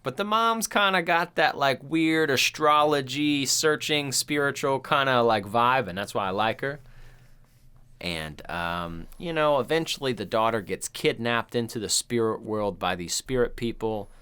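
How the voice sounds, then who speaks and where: A man's voice: mid-range voice, lively intonation, unhurried, pushed and bright, clear, resonant tone. A man in his thirties, co-hosting a podcast, casually retelling a movie in a loose, profane, rambling way. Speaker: podcast co-host. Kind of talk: casual chat.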